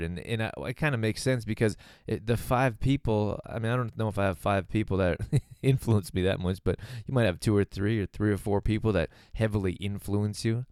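A man hosting a solo wellness podcast in a relaxed, rambling way, chuckling between thoughts, with a mixed North American accent. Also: sits low, clean tone, no room sound, studio quality. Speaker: podcast host and fitness coach. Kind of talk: casual solo podcast talk. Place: lives in Canada.

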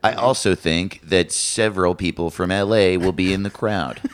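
A man's voice: sits low, moderate pace, crowd noise. A male podcast co-host in casual comic chat, joking sarcastically, swearing freely and laughing a lot.

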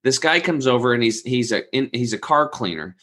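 A man's voice: mid-range voice, expressive, brisk, sharp tone. A man in his forties telling a long personal story in casual conversation, acting out the people he quotes and swearing freely. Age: 40s. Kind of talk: casual podcast chat.

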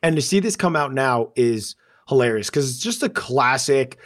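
On a casual podcast, a male co-host tells stories with animation, acting out what people said in a raised voice. His voice sits in the mid-range, and his pace is moderate.

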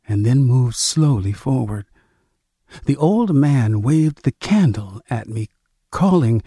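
A man narrating a story in a measured, expressive reading. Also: medium pitch, husky, dry recording, clean studio sound.

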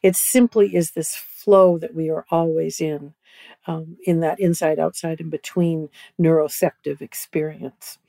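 Podcast guest over video call, woman, low and mellow, dry sound, keeps asking "right?". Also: fairly even intonation, a little slow, vocal fry, no room sound. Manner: repeats "right?" often, starts phrases over. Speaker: guest expert. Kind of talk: conversational explanation.

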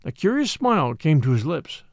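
A man giving scripted, expressive narration of a mystery novel as an audiobook reader. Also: fairly high pitch, dry recording, clean studio sound. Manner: expressive, measured storytelling.

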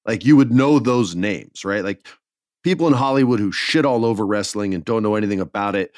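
A man co-hosting a podcast in a casual chat, animated and jokey. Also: on the low side, fairly quick, no echo, studio quality. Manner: animated, jokey, does goofy voices for quotes. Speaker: podcast co-host.

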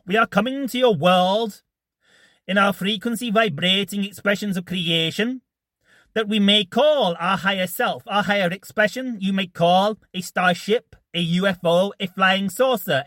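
A man's voice: high-pitched, moderate pace, pushed and bright, no echo. A man channeling a lofty alien starship being, explaining in earnest cosmic terms. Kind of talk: channeling session.

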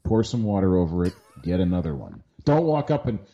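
Wry, lively-voiced male podcast host. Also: low voice, brisk, dull audio. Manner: dry, joking. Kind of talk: casual comedic chat.

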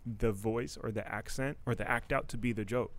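A man's voice: mid-range voice, steady tone, moderate pace, a bit bright, no echo. Podcast host guy just chatting, medium voice, lots of likes and restarts, laughs a bunch, dry close sound. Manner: loose and talkative, heavy on fillers and restarts; laughs often, voice jumping up when he does. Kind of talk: casual chat.

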